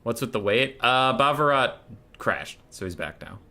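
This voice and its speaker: A man with a bright, forceful voice chats casually on a live game stream. He drifts from mumbled asides into laughing, swearing rants, reading chat aloud and answering it as he plays. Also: medium pitch, expressive, normal speed. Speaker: streamer hosting a strategy game tournament.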